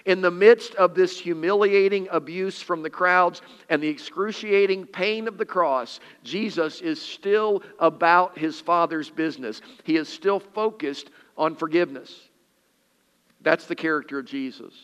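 Man, pastor, emphatic sermon delivery, slightly high voice, long hall reverb. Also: measured pace, a bit bright, clean tone. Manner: earnest, emphatic preaching with dramatic scripture reading.

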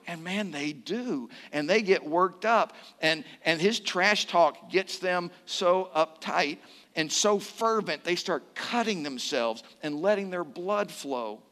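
A man with a high, bright-edged voice preaches to his congregation, reading scripture aloud and joking with them between verses. His delivery is lively and playful. The sound carries a long hall reverb. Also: slow. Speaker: pastor. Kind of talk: sermon with responsive reading.

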